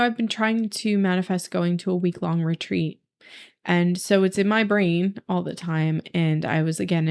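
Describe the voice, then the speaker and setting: A woman's voice: lowish voice, clear, resonant tone. A young adult woman telling a casual personal vlog about her meditation experiences, earnest and reflective, with frequent ums and likes. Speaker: vlogger sharing a meditation journey.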